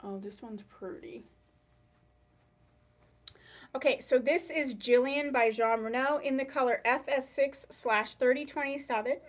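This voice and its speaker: A woman hosting a live online wig sale, describing products in a chatty, unhurried way. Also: sits high, fairly even intonation. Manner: chatty, unhurried, drawn-out pauses. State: hiccuping. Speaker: online wig shop host.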